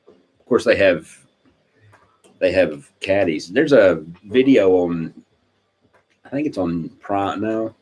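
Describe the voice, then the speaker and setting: A man, chatting casually on a live stream, rambling through stories, clearing his throat often and laughing at his own jokes. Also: low-pitched, a little mellow, rough recording. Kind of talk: casual chat.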